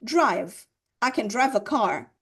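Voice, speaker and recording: Woman, English teacher giving a grammar lesson, slightly high voice, patient and repetitive. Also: lively intonation, slow, a bit bright, husky. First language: Portuguese. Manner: explains patiently, repeats examples, checks with "right?".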